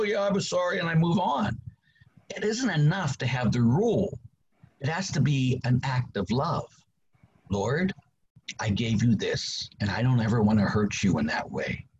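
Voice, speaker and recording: A man's voice: lo-fi sound, a little hiss or hum. A man in his sixties, a priest, telling his story in an interview and acting out quotes with big jumps in voice. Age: 60s. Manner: animated preacher, acts out quotes with big pitch jumps.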